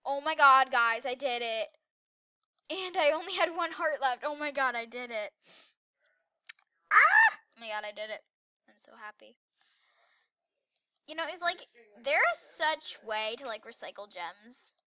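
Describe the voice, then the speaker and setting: A woman giving casual, excitable commentary while playing a game, jumping between squeals and hushed whispers. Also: sits high, unhurried, pauses often, no room sound, highs cut off. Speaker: gameplay YouTuber.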